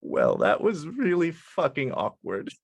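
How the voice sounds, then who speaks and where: A man's voice: a little high, wildly swooping pitch, vocal fry, slightly rough, voice pushed up, full character voice. A man doing a blunt, foul-mouthed elven woman archer. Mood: exasperated. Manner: crude, exasperated, slow-spoken.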